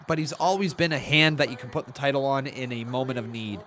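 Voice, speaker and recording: A man hosting a casual live stream, reacting to the action, calling moves and counting along excitedly. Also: medium pitch, fast. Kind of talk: casual watch-along commentary.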